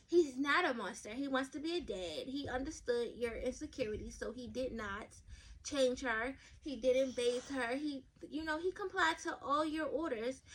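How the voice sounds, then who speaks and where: A woman with a high-pitched, slightly bright voice hosts a podcast, reading advice stories aloud. She speaks straight to her listeners with blunt, profane, chatty takes, sometimes stumbling over her words.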